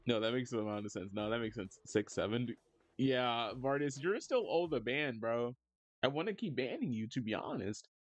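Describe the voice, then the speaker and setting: A man's voice: animated, moderate pace, no room sound, dull audio, faint music behind. Laid-back young man streamer chatting. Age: young adult. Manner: laid-back slangy talk, jumps high when teasing chat. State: low energy. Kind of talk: casual livestream chat reading messages.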